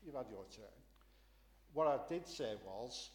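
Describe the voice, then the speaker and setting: A man's voice: medium pitch, expressive, a little slow. A man, an opposition councillor making a pointed, insistent council debate speech with frequent fillers. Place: large council chamber. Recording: echoey chamber with long reverb.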